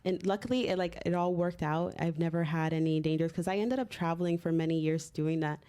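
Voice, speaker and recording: A woman in her twenties from Miami, a podcast guest telling lively stories and laughing often. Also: fairly low pitch, a little fast, smooth. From Miami, Florida. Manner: laughing storyteller, lively anecdotes. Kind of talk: casual podcast chat.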